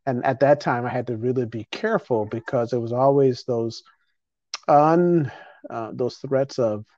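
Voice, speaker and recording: A man's voice: mid-range voice, unhurried, a little mellow, no echo. A middle-aged man hosting a podcast, talking in a rambling, emotional way with frequent restarts. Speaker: podcast host. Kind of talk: casual conversation. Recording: dull lo-fi podcast audio.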